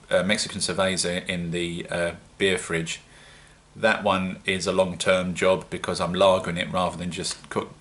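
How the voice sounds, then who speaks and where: A British home-brewing vlogger rambles casually to his viewers in a solo vlog, chatty and making fun of himself. His voice is low but sounds bright and forward.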